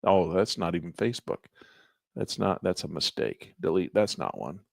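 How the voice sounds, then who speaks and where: A man teaching a live online trading class. He walks through charting software step by step in a conversational way, clears his throat often, and says he is losing his voice. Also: sits low, sing-song, moderate pace, dry recording. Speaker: trading instructor.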